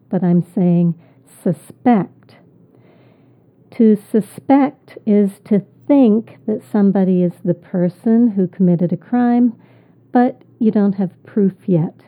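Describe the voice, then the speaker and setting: A woman teaching English vocabulary, repeating each word and explaining it patiently. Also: mid-range voice. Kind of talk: slow, deliberate vocabulary lesson. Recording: tinny phone-like audio.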